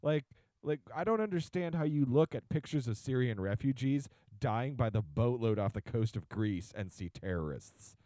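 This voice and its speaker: A man's voice: medium pitch, expressive, moderate pace, warm tone, no echo. A man co-hosting a podcast, ranting casually and slipping into mock voices. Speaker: podcast co-host. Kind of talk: casual chat.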